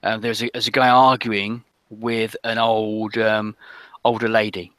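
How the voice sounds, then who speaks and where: A man narrating a tabletop game as game master, with a halting delivery full of ums. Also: fairly low pitch, level tone, fairly bright tone, no echo. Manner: hesitant, many ums.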